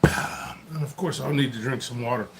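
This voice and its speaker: The pepper seed seller's mid-range voice is creaky, moving at a normal speed with slight background noise behind it. He hosts his channel's casual solo vlog, chattily talking to himself as he works in a basement.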